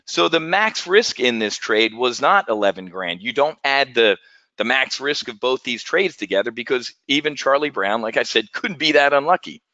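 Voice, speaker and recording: A man hosting a live trading webinar, talking in a folksy, jokey, animated patter. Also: medium pitch, normal speed, dry recording, lo-fi sound.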